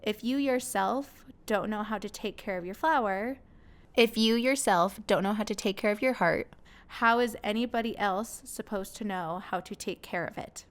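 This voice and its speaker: Young woman doing a solo podcast, candid and earnest, laughs a bit, middle pitch. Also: normal speed. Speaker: podcast host. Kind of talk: personal podcast monologue.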